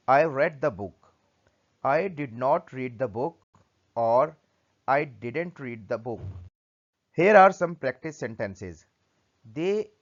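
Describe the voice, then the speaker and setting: Slow, deliberate male grammar teacher. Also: medium pitch. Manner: deliberate, reads example sentences one by one. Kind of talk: read-aloud grammar lesson. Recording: dull lo-fi recording.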